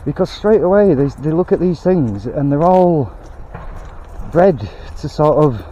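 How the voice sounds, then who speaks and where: A man's voice: a little high, expressive, unhurried, warm tone, dull audio, slight background noise. A man vlogging outdoors on a canal towpath, ranting bluntly in a rambling way and swearing now and then. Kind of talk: casual rant while walking.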